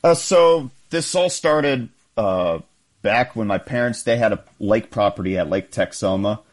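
A man's voice: on the low side, measured pace. A man, calling in and telling stories in an easygoing way with chuckles. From Texas. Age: 30s. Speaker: caller. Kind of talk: call-in chat.

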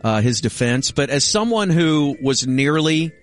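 A man's voice: fairly high pitch, very animated, measured pace, soft background music. A middle-aged man hosting a radio show, telling a self-mocking story in casual banter.

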